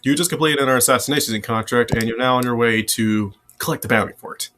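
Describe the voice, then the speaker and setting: A man's voice: mid-range voice, fast, sharp tone. Rambling male game master. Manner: rambling, restarts often. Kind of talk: narrating a tabletop game.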